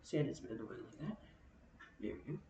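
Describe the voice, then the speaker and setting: A woman chatting playfully to herself while building a craft project, often dropping to soft murmurs. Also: rumbling low, sing-song, fast. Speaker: craft vlogger. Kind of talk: casual narration while crafting. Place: indoors at a craft table. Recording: roomy echo.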